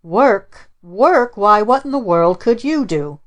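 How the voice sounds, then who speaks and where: A woman reading the part of a teasing, blustery gentleman uncle in a storybook, asking sharp mocking questions. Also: mid-range voice, lively intonation, takes it slowly, pitched above the performer's own voice.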